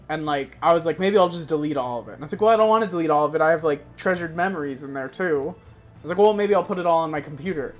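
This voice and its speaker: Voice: mid-range voice, fast, soft background music. A streamer from Florida telling a travel story in casual, profane chat, acting out the people in it. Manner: animated, profane, puts on voices for quoted people.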